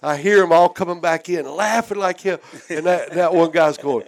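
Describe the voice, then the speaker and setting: A man with a drawl tells a long boat story in easy casual chat. His voice sits a little high, and he slips into the voices of the people in his tale. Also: moderate pace, creaky. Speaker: former charter boat captain. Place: outdoor deck.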